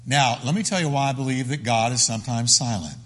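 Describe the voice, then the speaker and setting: A man's voice: medium pitch, quick pace, fairly bright tone, long reverb tail. A man preaching a sermon as the pastor, emphatic and full of repeated phrases.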